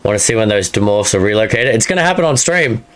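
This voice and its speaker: A man's voice: on the low side, animated, quick pace, a bit bright. A man streaming a game live, chatting casually to his viewers and laughing at his own jokes. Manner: chatty, talks to chat and viewers by name. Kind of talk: live gameplay stream chat.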